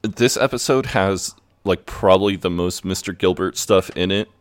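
A man's voice: low voice, normal speed, dry recording. A man co-hosting a podcast, recapping an episode in an easygoing, eager way. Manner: easygoing, eager, fond of the show. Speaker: podcast co-host.

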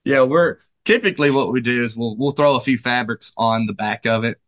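In a mid-range voice and at a brisk pace, this man gives a laid-back, friendly tour of the furniture store he co-owns, describing items as he goes. No room sound is present.

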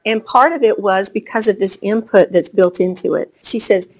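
A woman's voice: mid-range voice, normal speed. A woman presenting to homeschooling parents, explaining child brain development and telling stories that she acts out. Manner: warm storytelling with acted-out quotes. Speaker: speaker on gifted children's development.

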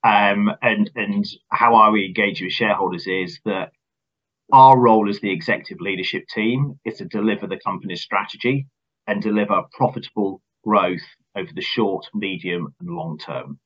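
A man speaking as a company finance chief in an interview, measured and earnest, often repeating words as he starts. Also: fairly low pitch, a bit bright, slightly rough, muffled recording. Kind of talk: business interview answers.

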